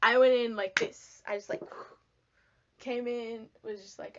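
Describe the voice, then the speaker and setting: A young woman from Texas, telling a casual storytime to camera in a chatty, animated way, acting out what people said. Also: fairly high pitch, unhurried, a little hiss or hum. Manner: chatty, animated, lots of "like", acts out quotes. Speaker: vlogger. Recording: dull lo-fi sound.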